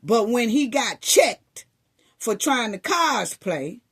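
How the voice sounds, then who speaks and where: A woman's voice: fairly high pitch, very animated, takes it slowly, slightly rough. A woman giving a sarcastic, scolding opinion monologue, full of rhetorical questions. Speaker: commentary vlogger.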